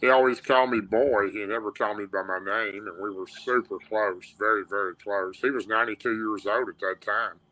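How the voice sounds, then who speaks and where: Radio guest: man, Tennessee drawl, bright, tense voice, plain-spoken storyteller who restarts his sentences. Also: on the low side, fairly even intonation, a little fast, hardly any pauses, rough recording. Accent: Southern US, Tennessee. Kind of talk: telling a personal encounter story.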